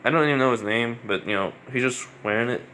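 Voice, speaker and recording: A man's voice: medium pitch, quick pace, bright, forceful tone, a little hiss or hum. A man casually improvising a fan story, rambling and restarting his sentences often. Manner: rambling, many fillers and restarts.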